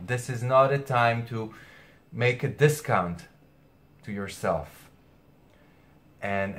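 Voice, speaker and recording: A man with a somewhat low voice delivers an earnest weekly astrology message. He hesitates and repeats words as he searches for them. Something seems caught in his throat. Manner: earnest, hesitant, with many restarts and fillers. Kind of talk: weekly spiritual message to camera.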